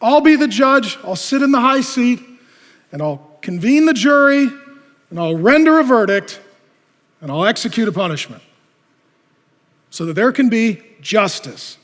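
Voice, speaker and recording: Brief: pastor putting on a swaggering self-made judge, loud and high, echoing hall. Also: male voice, expressive, exaggerated voice. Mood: self-important. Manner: loud, swaggering, drawn-out declarations. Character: proud self-appointed man playing judge.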